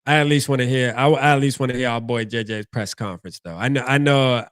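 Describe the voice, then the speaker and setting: A man's voice: medium pitch, quick pace, a bit bright, smooth, no echo, clean studio sound. A man hosting a fan postgame show, ranting casually with slang and lots of repeats and restarts.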